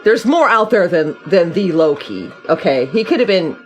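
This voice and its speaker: A woman's voice: fairly low pitch, very animated, moderate pace, soft background music. A woman hosting a casual podcast chat, laughing and prompting her guest with questions. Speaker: podcast host. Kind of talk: casual conversation.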